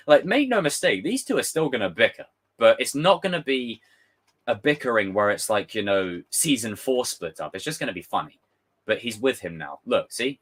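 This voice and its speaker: A young man passionately breaking down a trailer for his viewers, excitable and swearing freely. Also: medium pitch, slightly rough. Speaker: pop culture commentator.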